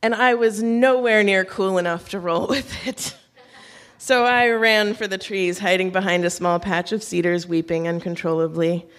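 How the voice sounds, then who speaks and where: A woman telling a true story from her own life to a live audience. Her tone is wry and self-mocking, with light laughs. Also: fairly low pitch. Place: on stage before an audience.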